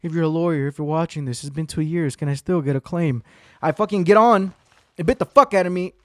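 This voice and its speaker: A man with a fairly high voice talks fast in a dry, clean studio recording. Hosting his own podcast, he tells a rambling, heavily profane story in a casual monologue, acting out what people said.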